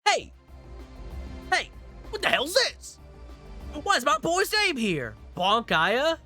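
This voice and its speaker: Male streamer voicing a hotheaded young cop, shrill, yelling, very lively. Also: takes it slowly, faint music behind, exaggerated voice. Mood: furious. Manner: shouting, demanding.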